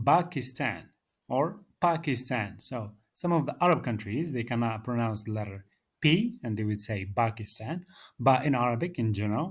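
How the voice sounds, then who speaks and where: Male language teacher, husky voice, very slow and patient delivery, drills words for repetition. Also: medium pitch, a bit bright. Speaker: Arabic teacher. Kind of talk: slow beginner language lesson.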